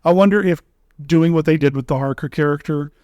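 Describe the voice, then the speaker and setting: A man's voice: on the high side, a little fast, darkish tone, smooth, no echo, clean studio sound. A man hosting a podcast, chatting casually about old horror films and acting out quotes in a raised voice. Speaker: podcast host. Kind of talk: casual film discussion.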